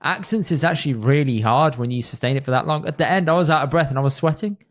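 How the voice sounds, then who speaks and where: A man's voice: a little high, quick pace. A man co-hosting a podcast in laid-back, joking casual chat. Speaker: podcast co-host.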